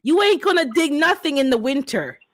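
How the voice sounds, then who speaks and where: Animated woman telling garden stories. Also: high-pitched, moderate pace. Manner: animated storyteller, acts out animal sounds. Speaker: co-host of a gardening live stream. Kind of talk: casual chat.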